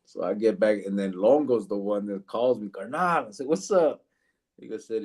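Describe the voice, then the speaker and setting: Husky low-voiced man telling stories. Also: animated, normal speed, a little mellow. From Arizona, USA. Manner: swearing, laughing, reading live chat comments aloud. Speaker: podcast host. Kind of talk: casual storytelling chat.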